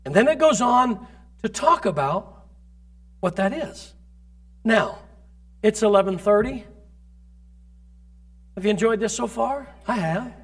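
A man preaching as a pastor, telling stories from his ministry with emphatic delivery that rises to loud peaks. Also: high voice, animated, a little slow, pauses often. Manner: storytelling, recounting ministry experiences. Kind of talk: sermon.

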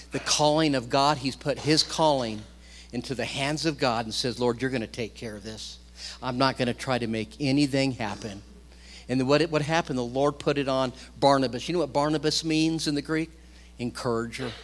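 A middle-aged male pastor preaching a sermon, animated, swinging between loud bursts and quiet asides. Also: mid-range voice, slight background noise. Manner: animated preaching, rising and dropping loudness.

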